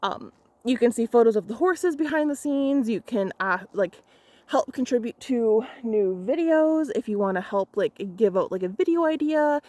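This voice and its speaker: A woman's voice: on the high side, animated, normal speed, a little mellow, no echo. A young adult woman photographer retelling a client story in an angry storytime vlog, heated, emphatic and profane.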